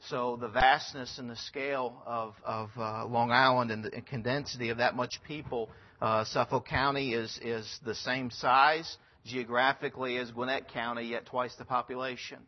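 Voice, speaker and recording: A man's voice: mid-range voice, fairly even intonation, moderate pace, dull audio. A man, a missionary giving a report to a church congregation, speaking earnestly and conversationally with frequent ums and restarts. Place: church sanctuary.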